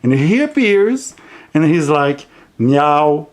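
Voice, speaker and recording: A man's voice: medium pitch, big pitch swings, takes it slowly, a little mellow. A man with a heavy non-native accent chatting casually on his tarot vlog, rambling and giggling as he goes. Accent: heavy non-native English accent. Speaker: tarot vlogger.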